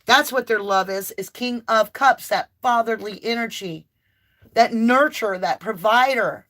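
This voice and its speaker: A woman doing an impassioned tarot reading to camera, emphatic and near yelling at times, with chatty asides to her viewers. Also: on the high side, unhurried. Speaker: tarot reader and channel host.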